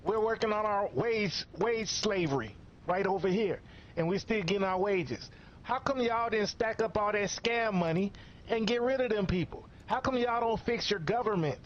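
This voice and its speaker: A man with a high voice scolds and swears his way through an angry rant. The recording sounds muffled and lo-fi, with a faint hiss underneath. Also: moderate pace. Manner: profane, scolding, repetitive.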